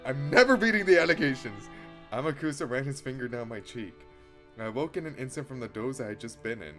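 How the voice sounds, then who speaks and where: A man streaming a visual novel, reading the game text aloud and breaking into excited, chatty reactions. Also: medium pitch, fast. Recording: loud game music behind the voice. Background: loud game soundtrack.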